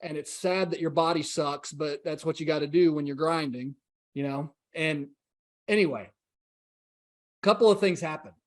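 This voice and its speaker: A man's voice: a little high, moderate pace. A man in his forties, a podcast guest telling his story in an earnest, reflective way and acting out the dialogue he quotes. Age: 40s.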